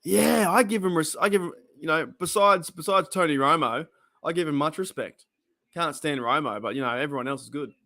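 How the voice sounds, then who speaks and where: Reacting live to a football match on stream, this Australian host rambles casually and breaks into excited play-by-play calls. He talks a little fast, with a somewhat high voice.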